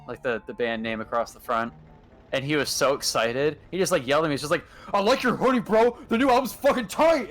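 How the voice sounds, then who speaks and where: A young man chatting casually on a stream, spinning out long anecdotes full of filler words. His pitch sits in an ordinary middle register, with faint music behind him. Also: fairly bright tone. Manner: rambling storyteller, heavy on filler "like". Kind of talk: casual chat.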